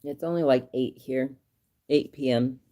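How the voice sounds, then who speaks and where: A man chatting on his own livestream in a medium-pitched voice, relaxed and rambling. He laughs often and gets lively and animated when he retells a funny moment. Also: unhurried. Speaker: livestream host. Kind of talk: casual livestream chat.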